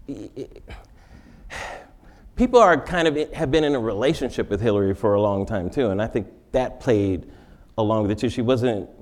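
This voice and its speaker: A male comedian giving a wry comic lecture in a large forum, interviewing himself and laughing at his own jokes. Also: medium pitch.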